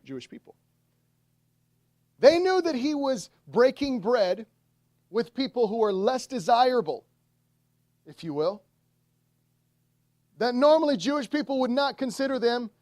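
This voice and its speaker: A pastor delivers a sermon in an animated storytelling manner, his pitch rising and falling widely. The sound is dry and close, with no room echo. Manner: animated storytelling, acts out voices in retelling.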